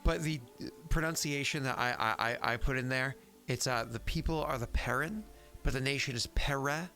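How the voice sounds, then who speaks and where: A man's voice: medium pitch, brisk, pushed and bright, faint music behind. A man in his thirties, the game master, who chats casually, rambles and fills his talk with fillers and restarts. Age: 30s. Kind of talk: casual tabletop game chat and in-character speech.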